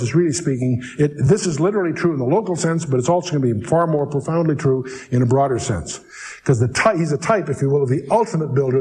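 A man teaching through a book of scripture verse by verse, reading the old text slowly and breaking in with wry, chatty asides. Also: mid-range voice, darkish tone, low-quality recording. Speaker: Bible teacher.

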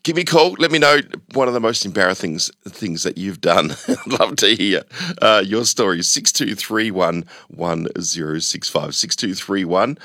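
Middle-aged male radio host, animated storyteller, bright tone, close dry studio mic. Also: normal speed, no room sound. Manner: animated storytelling, voice jumping high when embarrassed. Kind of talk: casual radio chat. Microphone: studio microphone.

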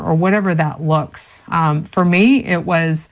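A middle-aged woman with a lowish voice and a gravelly edge. She explains things earnestly in a conversational way and leans on fillers like "you know". Her tone is that of an interview guest giving advice. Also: unhurried, hardly any pauses. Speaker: guest, parenting educator.

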